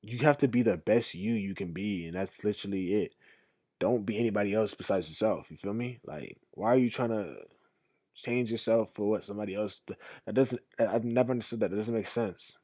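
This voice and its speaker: A man's voice: on the low side, brisk, no echo. Brief: young male streamer, rambling emphatic reaction talk, dry close sound. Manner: emphatic, rambling, swings between loud and quiet. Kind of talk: casual reaction commentary.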